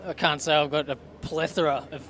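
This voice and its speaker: A man's voice: on the high side, steady tone, fairly quick, a bit bright. A man, a pro cyclist, answering interview questions outdoors in a thoughtful, wordy, casual way. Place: outdoors at a bike race.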